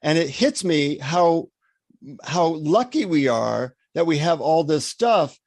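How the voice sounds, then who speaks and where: Lively storytelling man, slightly high voice. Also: slow, dry recording. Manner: lively anecdotal storyteller, acts out dialogue. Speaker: podcast guest, author. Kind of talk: storytelling in an interview.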